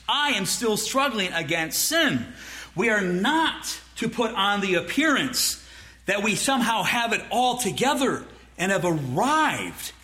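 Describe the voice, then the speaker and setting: Lively, bright-voiced male preacher. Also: high-pitched. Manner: emphatic preaching, mock dialogue with the congregation; rhetorical questions and repeated phrases. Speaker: pastor. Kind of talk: sermon.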